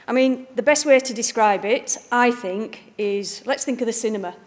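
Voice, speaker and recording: A woman's voice: on the high side, normal speed. A woman with a Northern English accent, a picture book art director giving a chatty, jokey talk to a live audience. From Bradford, northern England. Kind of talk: informal public lecture. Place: library event room with a live audience.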